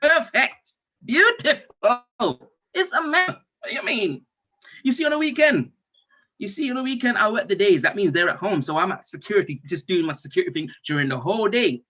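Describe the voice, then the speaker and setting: Male stand-up comic, with touches, lively swooping delivery, dull lo-fi stream sound. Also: high-pitched, fast. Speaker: stand-up comedian. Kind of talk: stand-up comedy monologue.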